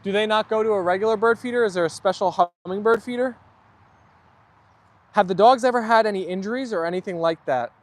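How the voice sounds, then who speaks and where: Male live-stream host, high voice, casual and chatty; reads viewer comments aloud and answers them. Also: quick pace.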